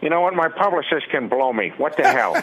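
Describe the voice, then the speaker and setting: A man plays a loud, brash cartoon dad with a thick Rhode Island accent, blustering and indignant. His voice sits a little high, coming down a phone line on a radio show. A crowd murmurs clearly behind him. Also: very animated, brisk.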